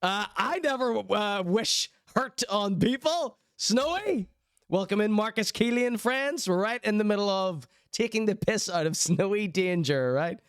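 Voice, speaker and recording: A man's voice: sits high, lively intonation, a little slow, clean tone, no echo, studio quality. A man hosting a show, talking casually and teasing, often breaking into laughter as he speaks. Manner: laughs mid-sentence, teasing. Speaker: host. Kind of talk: casual mocking commentary.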